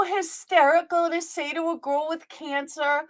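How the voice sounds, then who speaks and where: A woman's voice: very high voice, fairly even intonation, measured pace, hardly any pauses. A woman hosting her channel, reacting to clips in a furious, profane, sarcastic rant.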